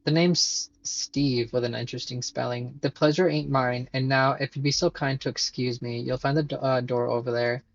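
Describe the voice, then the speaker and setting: A man reading out a surly, gruff man guarding his dog. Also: mid-range voice, fairly even intonation, normal speed, few pauses, dry recording, lo-fi sound. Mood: dismissive. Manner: rude, curt, gruff.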